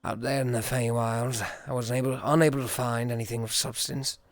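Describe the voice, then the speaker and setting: A man's voice: mid-range voice, steady tone, brisk, no room sound, voice pushed down, natural voice. A man voicing a bitter, sarcastic young male magic student in a live roleplay, muttering with scorn and a put-on accent.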